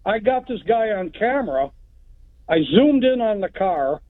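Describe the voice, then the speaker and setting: A man's voice: high-pitched, big pitch swings, a little slow, no room sound. A man from Texas calling in to a radio show, telling a story in a plain, folksy way. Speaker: caller. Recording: tinny phone line.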